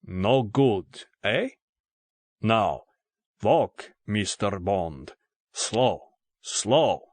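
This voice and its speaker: A man voicing a tall Russian gunman in an audiobook, with a thick Russian accent, speaking slow broken English in short clipped commands. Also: on the low side, lively intonation, dry recording, exaggerated voice. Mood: commanding. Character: tall sniggering Russian gunman, good-humoured menace. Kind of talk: audiobook character voice.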